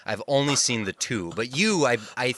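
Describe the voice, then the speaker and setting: A man co-hosting a podcast, talking in a lively voice that swoops up and down. His tone is bright and forceful, and he is recorded dry and close with no room sound. He jokes at his own expense and laughs often. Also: mid-range voice, normal speed, dry recording. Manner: animated, self-mocking, breaks into laughter. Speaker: podcast co-host. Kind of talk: casual chat.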